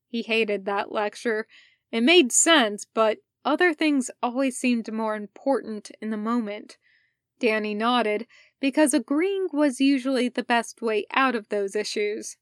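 A woman reading a fan fiction story aloud in calm, even narration. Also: on the high side, measured pace, dry recording, studio quality. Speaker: podfic reader.

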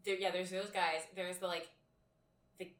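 A woman co-hosting a podcast, retelling scenes in animated casual chat. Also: on the low side, normal speed, a little hiss or hum. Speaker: podcast co-host. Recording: echoey room, far from mic.

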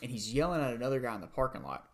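Brief: chatty podcast host, loose rambling delivery, middle pitch. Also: sing-song, racing. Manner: rambling, many "like"s, laughs while telling. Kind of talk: casual storytelling chat.

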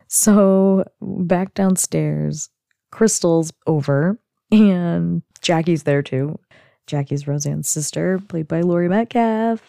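Chatty woman recapping a sitcom, mellow tone. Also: lowish voice, slow, creaky, no room sound, studio quality. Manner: chatty, giggly, frequent "like". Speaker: podcast host. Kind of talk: casual episode recap.

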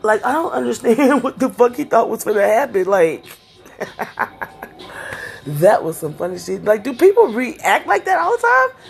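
A woman's voice: fairly high pitch, very animated, measured pace, creaky. A middle-aged woman from Texas telling a rambling, profane story in a casual vlog, laughing often. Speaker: vlogger.

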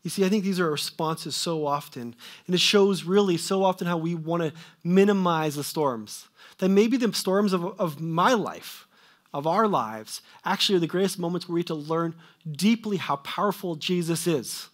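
A man preaching a sermon, swinging between loud emphatic questions and quiet trailing asides. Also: a little high, moderate pace.

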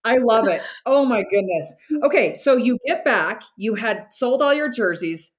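A woman's voice: fairly high pitch, expressive, a little slow. A woman hosting a podcast, chatting casually and eagerly affirming her guest. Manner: enthusiastic, affirming interviewer. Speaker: podcast host. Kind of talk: casual interview chat.

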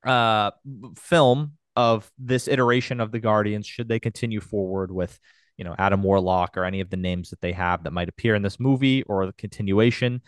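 Man chatting with a smooth voice. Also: on the low side, steady tone, fairly quick, no room sound, clean studio sound. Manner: enthusiastic, rambling with many fillers. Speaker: podcast host. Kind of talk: casual chat.

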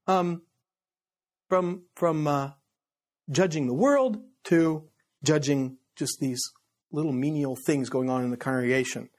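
A man's voice: a little high, unhurried. A man, a pastor, teaching through a Bible letter in a loose, conversational sermon, with many fillers and restarts, and rising emphasis when he quotes.

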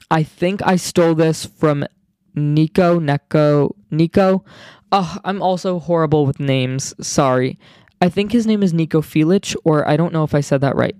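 A young man chats alone on his podcast, bubbly and quick to get excited, with plenty of slang and fillers. His voice sits a little high for a man. The sound is dry and close, with no room echo. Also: clear, resonant tone. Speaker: podcast host. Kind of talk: casual solo podcast chat.

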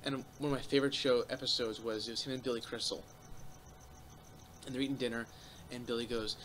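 A man's voice: medium pitch, fast, long pauses, background noise. A man telling stories in a casual comedy podcast chat, acting out the voices of people in his stories. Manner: animated storyteller acting out voices. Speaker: comedian guest.

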